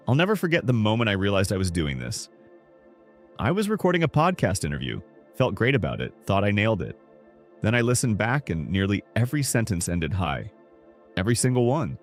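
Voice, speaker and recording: A man narrating a scripted self-help lesson, in emphatic, punchy short sentences. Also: fairly low pitch. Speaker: speaking coach.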